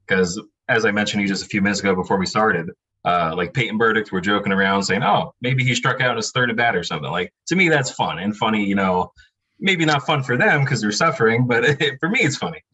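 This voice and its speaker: Podcast guest: easygoing man with a lowish voice, wry and rambling. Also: lively intonation, fast, sharp tone, husky, low-quality recording. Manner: laid-back, wry, rambling with many fillers. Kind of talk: casual podcast chat.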